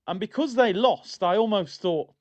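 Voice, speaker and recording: A man hosting a live football watchalong, chatting in an excitable, rambling, jokey way. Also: sits high, normal speed. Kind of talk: live fan chat, casual banter. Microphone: streaming mic. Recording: dull lo-fi stream audio.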